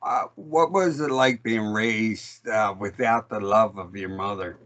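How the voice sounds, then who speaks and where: A man hosting an interview, asking questions slowly and gently. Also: lowish voice. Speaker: host.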